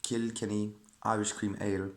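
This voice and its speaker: A man's voice: on the low side, level tone, normal speed. A man chatting casually to his viewers in a rambling way, often breaking off mid-sentence, and sometimes reading aloud from a book. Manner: rambling, self-interrupting, chatty asides to viewer.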